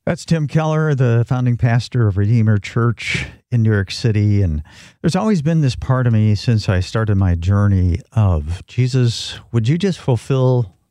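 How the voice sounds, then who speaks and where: A man's voice: medium pitch, expressive, measured pace, dark tone, no room sound, clean studio sound. A male host speaking earnestly in a reflective devotional talk and prayer.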